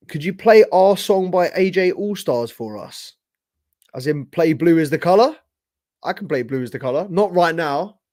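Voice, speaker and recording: A young man hosting a live football reaction stream, casual and sweary, his voice hoarse from shouting. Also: mid-range voice, no echo, studio quality. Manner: casual, sweary, slangy, talks to chat. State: losing his voice. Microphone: streaming setup with camera.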